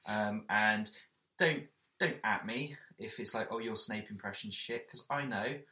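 Podcast co-host, male, low-ish forceful voice, sweary banter, roomy echo. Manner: sweary, self-mocking, quick asides. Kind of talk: casual chat.

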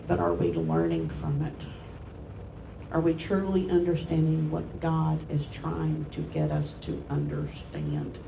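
Gravelly-voiced woman pastor preaching. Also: medium pitch, darkish tone, distant mic, slight background noise, rough recording. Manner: earnest and self-deprecating, laughs at herself. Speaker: family pastor. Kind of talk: sermon.

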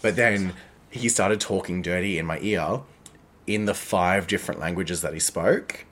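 Deep-voiced Australian man in frank chat. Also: moderate pace, fairly bright tone. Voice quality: chatty, frank, lots of "like" fillers. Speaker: podcast co-host. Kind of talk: casual chat.

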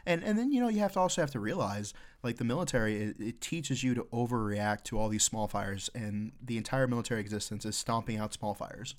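A man's voice: mid-range voice, fast, hardly any pauses. A Marine veteran chatting on a podcast, blunt and profane as he tells stories about leading troops. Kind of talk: casual podcast chat.

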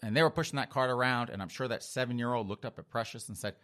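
A man's voice: mid-range voice, fast talker, a bit bright. A man hosting a comedic news show, retelling stories in a mocking storytelling way and calling listeners "folks.". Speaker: host.

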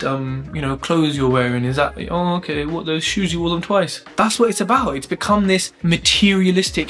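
A man's voice: on the high side, fairly bright tone. Blunt, rambling man. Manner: blunt, rambling, swears casually. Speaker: vlogger. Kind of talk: motivational monologue.

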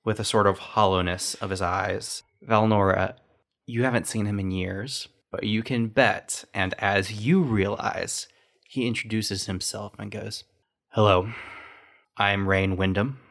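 Bright-voiced man running a tabletop game. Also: lowish voice, fairly even intonation, measured pace, vocal fry. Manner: describes scenes and voices NPCs in near his own voice. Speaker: game master.

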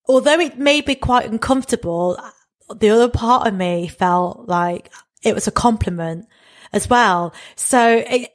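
A woman, co-hosting a podcast in casual chat and telling stories in an animated way. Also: fairly high pitch. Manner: chatty, animated storytelling with laughs. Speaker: podcast co-host.

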